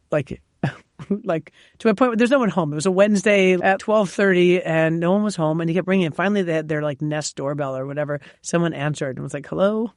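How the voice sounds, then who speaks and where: A woman chef from New York, a guest on an interview show, telling lively stories with frequent laughs and fillers. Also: low voice, no echo, clean studio sound. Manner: animated storyteller, laughs often, many fillers. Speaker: chef and cookbook author, guest. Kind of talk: casual interview chat.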